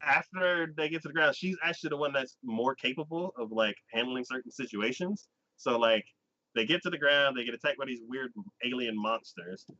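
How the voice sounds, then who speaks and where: A man with a bright, forceful voice chats casually through an anime recap, rambling and restarting, filling gaps with "like". The sound is dry and close, but dull and lo-fi. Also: mid-range voice, dry recording. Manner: rambling, heavy use of "like", quick restarts. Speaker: anime podcast host. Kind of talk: casual chat recapping a show.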